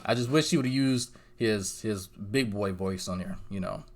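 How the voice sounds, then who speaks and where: A man's voice: on the low side, moderate pace. A young man hosting a commentary channel, rambling casually and swearing often between chuckles. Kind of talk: casual chat.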